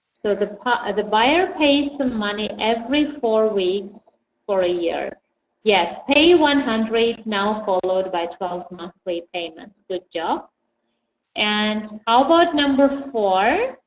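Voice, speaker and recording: A woman teaching an English lesson, patiently calling on students by name. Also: on the high side. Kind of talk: online language lesson. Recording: echoey, dull, lightly noisy.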